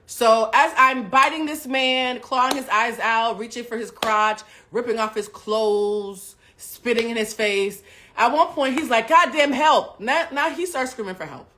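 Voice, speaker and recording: A woman hosting a live stream, telling a personal story to her chat with lots of swearing. She drops to hushed asides, then bursts out loud. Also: a little high, measured pace, slight background noise. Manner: profane, swings between hushed asides and loud outbursts; talks directly to live chat.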